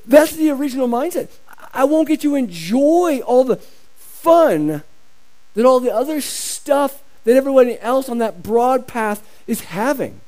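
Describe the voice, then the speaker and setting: High-voiced, mellow man preaching. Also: poor audio. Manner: emphatic, repeats phrases for stress. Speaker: pastor. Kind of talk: sermon.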